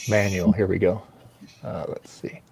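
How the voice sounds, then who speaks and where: A man's voice: deep voice, level tone, creaky, background noise. A man hosting a live repair stream, talking casually and hesitantly while he searches for a manual. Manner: slow, hesitant, muttering to himself while searching.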